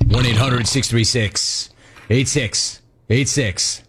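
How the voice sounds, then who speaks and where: A man hosting a sports radio call-in show, brash, playful and fast-talking. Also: medium pitch, fairly even intonation, fairly bright tone, a little hiss or hum.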